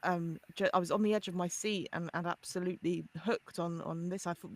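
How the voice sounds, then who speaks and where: A middle-aged woman, a forensic linguist, telling an animated story as a podcast guest with frequent laughs and restarts. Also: lowish voice, a little fast, hardly any pauses. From United Kingdom. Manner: lively, laughs often, many restarts.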